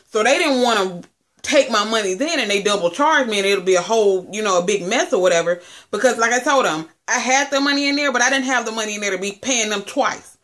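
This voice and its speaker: A woman's voice: on the high side, fast talker, fairly bright tone. A woman in her late twenties tells viewers an angry, profane story about her cable company, calling them family. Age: late 20s. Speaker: vlogger. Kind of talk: angry rant to camera.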